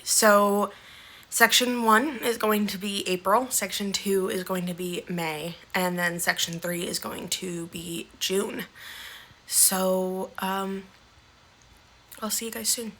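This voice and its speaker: Bright-voiced chatty woman vlogging. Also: medium pitch, rough recording. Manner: chatty, many fillers. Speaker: school staff. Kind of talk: casual video diary.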